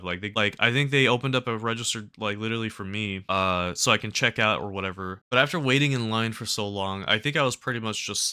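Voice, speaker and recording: Fast-talking young man with a bright voice. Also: on the low side, smooth. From California. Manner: rambling, many "like" fillers and restarts. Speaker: gaming streamer. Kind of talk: casual vlog storytelling.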